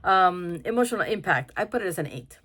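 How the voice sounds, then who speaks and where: A woman's voice: lowish voice, brisk, husky. Chatty woman giving a casual film review. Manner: chatty and animated, many fillers and restarts, laughs often.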